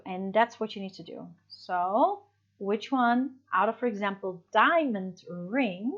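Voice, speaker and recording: A woman's voice: medium pitch, lo-fi sound. A woman English teacher giving a recorded lesson, explaining patiently and checking in with her students as she goes.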